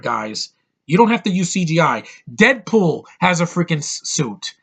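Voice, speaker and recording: A man's voice: fairly high pitch, big pitch swings, moderate pace, creaky, a bit bright, husky. A man in his thirties giving an angry, profane movie review rant, hammering his points with emphatic repetition. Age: 30s.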